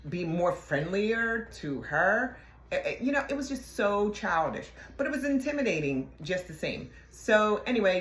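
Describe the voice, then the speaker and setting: A middle-aged woman, a former police detective, telling a workplace story in a halting way, with many fillers and asides. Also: deep voice. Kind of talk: casual storytelling. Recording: echoey room.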